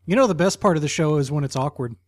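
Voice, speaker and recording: Wry needling man, slightly high voice. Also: lively intonation, fast. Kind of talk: casual podcast chat.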